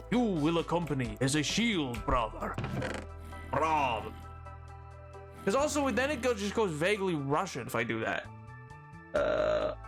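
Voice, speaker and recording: Chatty woman streamer, lively pitch. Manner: rambling, self-interrupting, laughs often. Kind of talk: casual live-stream chat while gaming.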